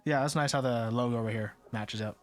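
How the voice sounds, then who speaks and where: A man talking his way through a hands-on job in a relaxed live-stream chat. He mutters puzzled asides to himself at a middling pitch, and soft music sits faintly behind him. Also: quick pace. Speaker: streamer building a keyboard. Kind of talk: casual live-stream commentary.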